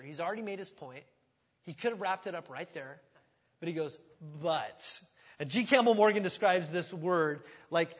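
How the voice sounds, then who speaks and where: A man preaching an expository sermon in an animated, conversational and emphatic way. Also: high-pitched, husky, big-room sound. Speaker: pastor.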